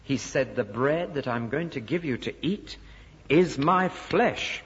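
A man preaches an expository sermon, often voicing the people he quotes. His voice is a little husky. The recording sounds dull and lo-fi, with long reverb from a large hall. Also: medium pitch, animated, moderate pace.

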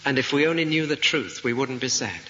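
Bright-voiced preacher man in an echoing hall. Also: medium pitch, expressive, fairly quick. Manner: vivid storytelling, rhetorical questions. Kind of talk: sermon. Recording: dull recording in a reverberant hall, faint noise.

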